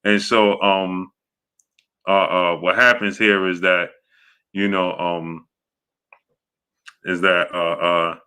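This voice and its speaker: A man hosting a casual live stream, greeting viewers by name and talking haltingly with many fillers. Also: low voice, clear, resonant tone. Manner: greets viewers by name in a steady run-through. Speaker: host of a boxing live stream.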